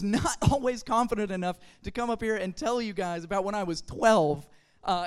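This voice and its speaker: A young adult telling a funny story to a church group, in a chatty, animated way with casual fillers. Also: medium pitch. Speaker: speaker at a church youth gathering. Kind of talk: humorous storytelling talk to a group.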